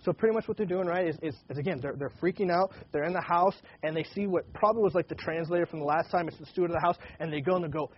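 A man reading Bible passages aloud and retelling them in a casual, animated way, with frequent restarts. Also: fairly high pitch, quick pace, few pauses, dull audio, slight background noise. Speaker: pastor. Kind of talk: Bible teaching, reading and commenting.

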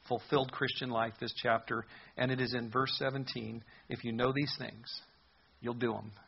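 A man's voice: medium pitch, gravelly, husky, muffled recording. A man preaching a sermon as a pastor, earnest and conversational in his delivery.

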